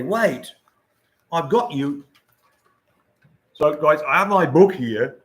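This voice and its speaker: Speaking slowly in an expressive voice on the high side, an older man hosts a casual livestream. He rambles to viewers and often chuckles.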